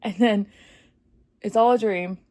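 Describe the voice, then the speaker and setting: A woman giving a casual, excited movie review, chatty and full of fillers, laughing often. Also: mid-range voice, unhurried. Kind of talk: casual spoiler review vlog.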